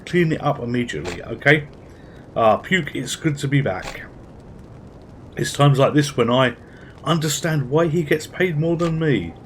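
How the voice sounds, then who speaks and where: A man's voice: on the high side, a little slow, pauses often, a little hiss or hum. Man casually talking through a game. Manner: relaxed, thinking aloud, chatty asides. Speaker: gaming channel host. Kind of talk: casual gameplay commentary.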